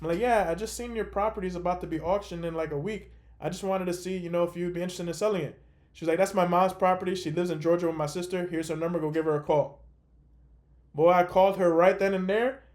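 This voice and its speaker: A young man hosting a call, telling a story in a casual, animated way with lots of fillers. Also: high voice, quick pace. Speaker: host.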